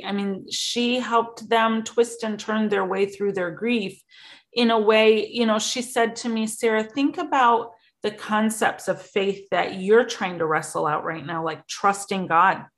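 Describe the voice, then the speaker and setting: A woman's voice: mid-range voice, steady tone, unhurried. A woman in a casual conversation, talking earnestly and openly about feelings. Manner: earnest, openly emotional talk. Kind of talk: casual chat.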